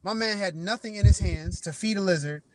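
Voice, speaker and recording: High-voiced man rambling on a call. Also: fairly quick, no echo. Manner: rambling, lots of fillers and restarts. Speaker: panelist on a video call. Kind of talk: casual movie review chat. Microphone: video call with a dropping connection.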